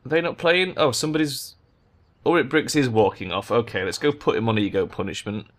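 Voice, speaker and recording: Guy doing game commentary, mid voice, swears a ton, goes off in loud rants. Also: medium pitch, brisk. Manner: exasperated, swears a lot, bursts into loud rants. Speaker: gaming YouTuber.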